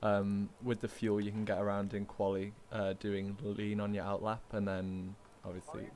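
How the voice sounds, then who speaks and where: A man with a Northern English accent chatting calmly over a racing game and reading out setup numbers like a race engineer. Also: lowish voice, normal speed. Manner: calm, reads out numbers and setup advice. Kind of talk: casual chat while gaming.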